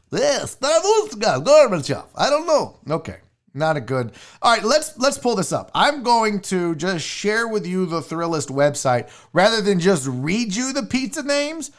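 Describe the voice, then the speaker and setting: A man hosting a casual sports livestream, rambling, jokey and profane, fiddling with his screen as he talks. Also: high voice. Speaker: sports show host.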